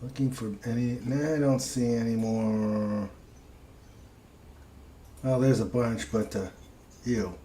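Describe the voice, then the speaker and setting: A man's voice: mid-range voice, fairly even intonation, takes it slowly, pauses often, mellow. A man hosting a casual podcast, reading out chat comments, laughing often and trailing off into mumbles. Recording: roomy echo with faint noise.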